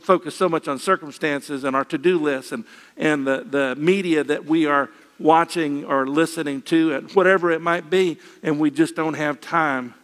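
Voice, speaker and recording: An older man preaching a sermon, folksy and gently humorous, with repeated phrases. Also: a little high, long reverb tail.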